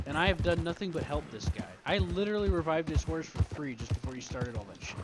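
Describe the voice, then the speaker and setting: A man in a role-play session, speaking in a fairly high voice as he rants about being wronged and swears constantly. Heavy background noise runs under everything he says. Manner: ranting, heavy swearing, aggrieved. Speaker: streamer role-playing a character. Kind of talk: in-character role-play chat.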